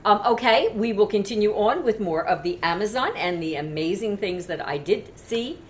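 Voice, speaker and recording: A woman telling a travel story in a relaxed, chatty way, with lots of fillers and restarts. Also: mid-range voice, normal speed, slight background noise. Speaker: travel vlogger. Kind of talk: casual storytelling.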